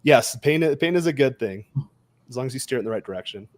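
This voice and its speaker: A man on a panel in a casual discussion, telling a quick story. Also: medium pitch, lively intonation. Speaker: panel member.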